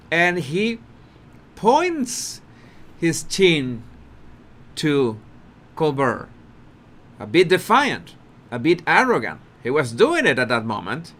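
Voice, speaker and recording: On his commentary channel, a man picks apart a talk-show clip. His high voice swings up and down as he stresses words, and he speaks slowly, animated and emphatic, often repeating himself and laughing at his own points.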